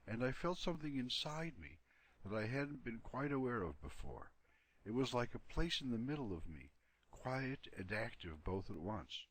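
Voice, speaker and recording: A man on a livestream reading a novel aloud with calm, unhurried storytelling. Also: medium pitch, breathy edge. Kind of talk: audiobook-style reading on a livestream.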